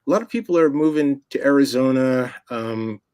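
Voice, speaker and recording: A man from Staten Island with a faint New York accent, a filmmaker guest chatting in a relaxed way on an interview show. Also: mid-range voice, moderate pace, smooth, no echo. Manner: relaxed and chatty, with many fillers. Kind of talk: casual interview chat.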